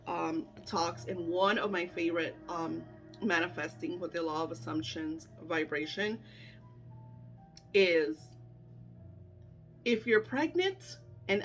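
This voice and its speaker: A middle-aged woman coaching on manifesting in an animated, chatty way, full of fillers and acted-out self-talk. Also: medium pitch. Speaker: spiritual coach. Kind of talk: casual teaching chat.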